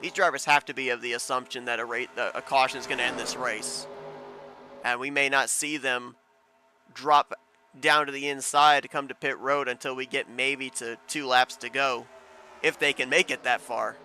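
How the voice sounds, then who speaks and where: A man calling an online stock car race as play-by-play announcer, calm and analytical. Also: mid-range voice, normal speed, soft background music. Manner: calm analysis, rising to shouting at the finish. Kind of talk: sim racing commentary.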